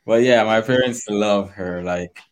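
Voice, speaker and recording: A man who is a guest on a livestream, chatting in a relaxed, joking way. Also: fairly low pitch, measured pace. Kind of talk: casual chat.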